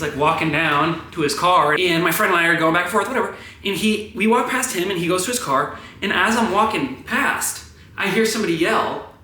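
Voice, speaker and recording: A man in his twenties rambling through a profane, animated vlog monologue. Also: high voice. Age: 20s. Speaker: vlogger. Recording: roomy, echoey room.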